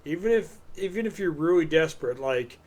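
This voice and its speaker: A man's voice: fairly high pitch, expressive, brisk, darkish tone. Man telling a loose, profane story. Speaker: podcast co-host. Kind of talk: casual storytelling on a live stream.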